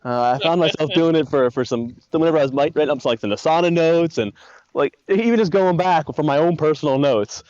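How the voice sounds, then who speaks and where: A man's voice: fairly high pitch, a little fast, darkish tone, no room sound. Stammering man chatting as game master. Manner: rambling, stammers and repeats words. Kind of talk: casual chat after a tabletop game stream. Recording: dull dry lo-fi stream mic.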